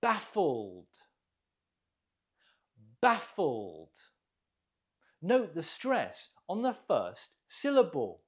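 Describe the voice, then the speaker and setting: An English teacher giving an online vocabulary lesson, enunciating each word with care, pausing for learners to repeat and praising them warmly. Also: medium pitch. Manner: deliberate, clearly enunciated, drills pronunciation with pauses for repeating; encouraging, gently praises learners.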